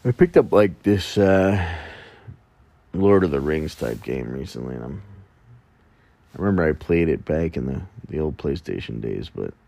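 A man's voice: rumbling low, lively intonation, normal speed, gravelly, long pauses, warm tone, dry recording. A man hosting a solo podcast, rambling casually and mocking himself with jokey asides in the early morning. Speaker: podcast host.

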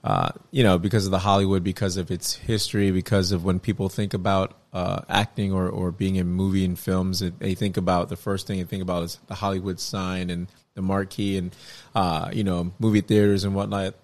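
A man's voice: low voice, level tone, fairly quick, few pauses. A man hosting a casual interview, asking long rambling questions full of fillers. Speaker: interview host.

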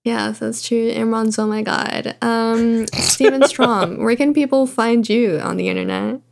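A woman's voice: on the high side, fairly even intonation, a little slow, gravelly. A woman hosting a podcast, signing off in a laid-back, rambling way with many fillers. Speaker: podcast host. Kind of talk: casual podcast chat.

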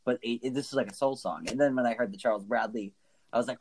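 A man's voice: medium pitch, quick pace, slight background noise, low-quality recording. Guy on a music podcast, gets worked up, lots of likes and ums. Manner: enthusiastic, emotional, many fillers. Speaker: podcast co-host. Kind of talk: casual music discussion.

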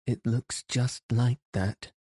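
A man's voice: medium pitch, steady tone, takes it slowly, warm tone, husky, no echo, studio quality, voice pushed up. A man reading the lines of an eager, cheerful young girl in an audiobook.

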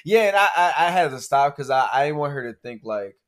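A man's voice: medium pitch, animated, fast. A young man co-hosting a podcast, chatting casually and playfully, teasing and acting out other people's voices in his stories. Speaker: podcast co-host. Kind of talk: casual chat, animated storytelling.

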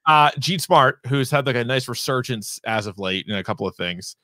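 Bright-voiced man chatting on a podcast. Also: mid-range voice, expressive, normal speed, no echo, clean studio sound. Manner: chatty, rambling, swears casually. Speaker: podcast co-host. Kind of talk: casual chat.

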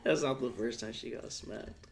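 A man's voice: medium pitch, moderate pace. A young man co-hosting a podcast, firing off teasing questions and crude jokes. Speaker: podcast co-host. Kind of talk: casual chat.

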